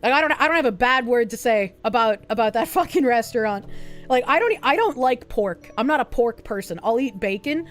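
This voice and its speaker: A young adult woman streaming, chatting casually in a rambling, excitable way and swearing often. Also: a little high, a little fast, soft background music. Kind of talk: casual chat.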